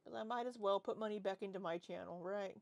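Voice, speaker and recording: A woman's voice: medium pitch, fast talker, vocal fry, darkish tone, no echo. A woman in her forties chatting casually on a livestream, rambling as she reads and answers chat. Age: 40s. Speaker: livestream host.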